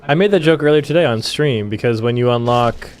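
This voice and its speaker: A man's voice: medium pitch, a little fast, a little hiss or hum. A young man co-hosting a game playthrough, laughing often and teasing while guiding the player. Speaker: gaming co-host. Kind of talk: casual let's play chat.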